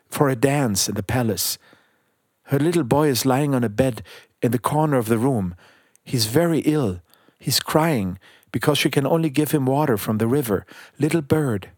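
A man voicing a sorrowful dead prince who is now a golden statue, speaking in a gentle, pleading way in a storybook reading. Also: medium pitch, dry recording, clean studio sound, lightly acted.

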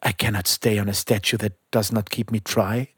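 A man's voice: on the low side, flat delivery, normal speed, slightly rough, no echo, clean studio sound. A man voicing a small, kind-hearted male bird in a storybook reading, with a light, wondering manner. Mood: musing.

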